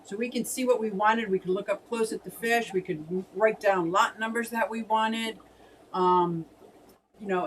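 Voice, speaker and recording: A woman's voice: medium pitch, far from the mic, slight background noise, rough recording. A woman co-hosting a casual fish hobby live stream, chatting and laughing as she reads out viewer comments.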